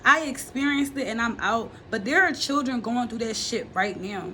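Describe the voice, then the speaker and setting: Blunt, bright-voiced young woman confiding. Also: fairly high pitch, normal speed, slight background noise. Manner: blunt and profane, talking straight to viewers. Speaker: vlogger telling her life story. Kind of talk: candid confessional storytelling to camera.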